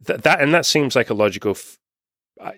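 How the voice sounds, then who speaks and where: A man's voice: medium pitch, lively intonation, a little fast, fairly bright tone, no echo, studio quality. A man, a life coach, talking in a casual self-help monologue, frank and profane, acting out his own inner questions.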